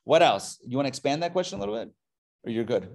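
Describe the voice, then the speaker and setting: A man's voice: medium pitch, big pitch swings, quick pace, creaky. A male rabbi teaching a live class, joking and drawing questions from the room. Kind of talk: live interactive lesson. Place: classroom before a live audience.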